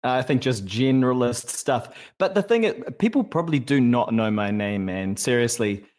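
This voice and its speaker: A man in his thirties with a New Zealand accent, talking as a musician guest in a relaxed, thoughtful, halting way. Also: medium pitch. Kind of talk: casual interview chat.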